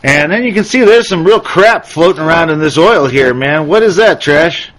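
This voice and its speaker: Animated storytelling male host. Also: on the high side, normal speed, rough recording. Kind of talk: casual how-to chat and storytelling.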